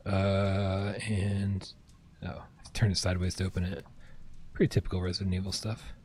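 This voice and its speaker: A man's voice: low voice, completely flat delivery, moderate pace, a little mellow, a little hiss or hum. A man streaming a video game, chatting casually and reading on-screen text aloud. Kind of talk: casual gameplay commentary.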